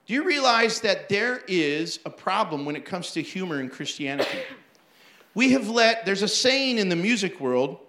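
A male pastor with a high, bright voice tells funny church stories from the pulpit. He acts out the people in them and laughs along as he goes. His voice rings around a roomy, echoing space. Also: normal speed. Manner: animated, acts out quotes, laughs often. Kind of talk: storytelling sermon.

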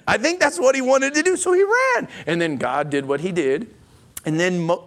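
A male preacher with a somewhat high voice delivers a sermon. He tells the story with animated acted-out quotes and frequent laughter. Toward the end he turns soft and intimate as he gives the blessing. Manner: animated storytelling, acts out quotes, chuckles often.

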